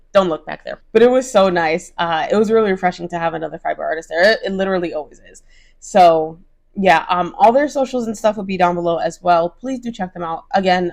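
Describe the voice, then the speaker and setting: Chatty young woman, slightly low voice. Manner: chatty and gushing, lots of "like" and "oh my gosh"; bright put-on voices when quoting others. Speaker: crochet vlogger. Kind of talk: casual vlog chat.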